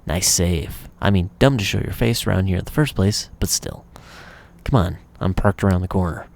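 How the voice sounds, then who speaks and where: A man voicing a gruff, gravelly older male vampire who talks bluntly and teases. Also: low-pitched, normal speed, a little mellow. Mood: gruff, sardonic. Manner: blunt, teasing, streetwise.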